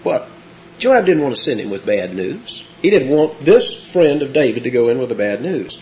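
A man's voice: mid-range voice, sing-song, moderate pace, dark tone, a little hiss or hum. A man preaching an expository sermon, telling the story with animation and acting out the quotes. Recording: dull lo-fi recording.

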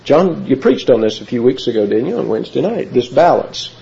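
A man preaching a sermon and teaching from the Bible in an emphatic, animated way. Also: mid-range voice, fairly quick, vocal fry. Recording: muffled lo-fi recording.

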